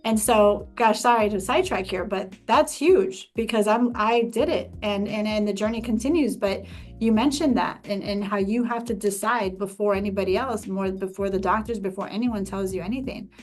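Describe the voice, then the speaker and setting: Woman host, animated emphatic storyteller, faint music bed. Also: mid-range voice, moderate pace. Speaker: podcast host. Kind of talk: personal story in casual conversation.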